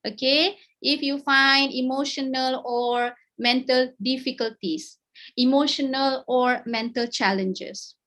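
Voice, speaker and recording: A woman's voice: high voice, fairly bright tone. A middle-aged woman with a Malaysian accent giving an encouraging talk over a video call, mixing English and Malay and checking in often with "okay?". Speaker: guest speaker. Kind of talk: webinar talk.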